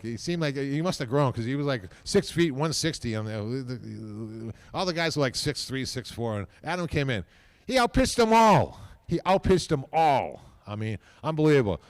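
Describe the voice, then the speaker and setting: An older man, a team owner, speaks off the cuff at a hall of fame ceremony in a clear, resonant, mid-range voice. His speech wanders in a folksy way, and he keeps tagging lines with "okay?".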